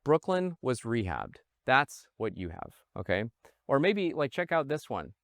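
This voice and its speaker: A man from the Midwest giving an energetic investment presentation, often checking in with listeners and calling them "guys". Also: medium pitch, unhurried, creaky, no room sound, clean studio sound. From Midwest United States. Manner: animated, punctuates with "okay?", addresses viewers as "guys". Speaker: real estate investor pitching a fund.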